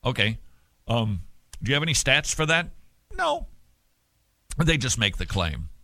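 A man's voice: medium pitch, wildly swooping pitch, measured pace, creaky, pushed and bright, no room sound. A man hosting an opinion show, giving mocking, sarcastic commentary. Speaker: show host.

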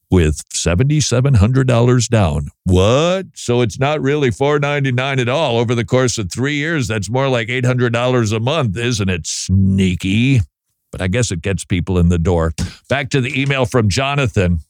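A man's voice: fairly low pitch, dry recording, clean studio sound. A middle-aged man hosting a casual Christian talk show, chatty with wry asides, sometimes stumbling over his words. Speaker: podcast host.

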